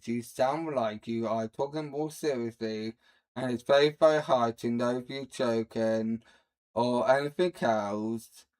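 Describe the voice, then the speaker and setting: A young man giving casual, rambling reaction commentary, blunt and jumping between loud outbursts and low mutters. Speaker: streamer reacting to a video.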